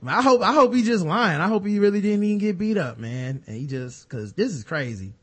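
A man in his thirties talks casually as a co-host, his voice sitting notably high. He is animated and slangy, and he keeps slipping into little acted quotes of other people. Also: fairly quick, husky. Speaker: podcast co-host. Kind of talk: casual chat.

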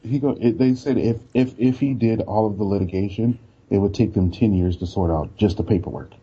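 Casting: husky, mellow-voiced man, relaxed co-host, dull lo-fi recording. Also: lowish voice, a little fast. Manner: laid-back, laughs often. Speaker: podcast co-host. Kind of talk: casual chat. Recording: dull lo-fi sound.

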